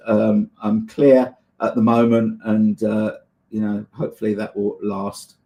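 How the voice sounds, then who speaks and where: A man's voice: mid-range voice, steady tone, unhurried, warm tone. A man hosting a livestream, chatting casually and answering viewers with many fillers and laughs. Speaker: livestream host reading chat. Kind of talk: casual chat.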